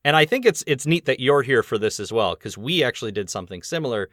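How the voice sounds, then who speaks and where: A man's voice: medium pitch, lively intonation, a bit bright, dry recording, clean studio sound. A man hosting a podcast in casual chat, rambling and laughing easily between points. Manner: chatty, rambling, quick laughs. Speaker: podcast host.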